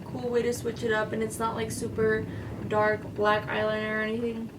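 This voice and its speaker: A woman's voice: on the high side, monotone, moderate pace, recorded from a distance. A young woman beauty vlogger telling a story while doing her makeup, chatty and profane, full of "like" and "y'all". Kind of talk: casual storytelling during a makeup tutorial. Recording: voice a little off-mic with faint noise.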